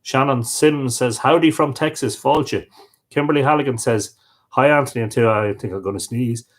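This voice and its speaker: A man's voice: mid-range voice, moderate pace. A man hosting a livestream, reading out viewers' comments and greeting each one by name. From Ireland. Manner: friendly, reads out viewer comments and answers them. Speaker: livestream host. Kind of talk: reading live chat greetings.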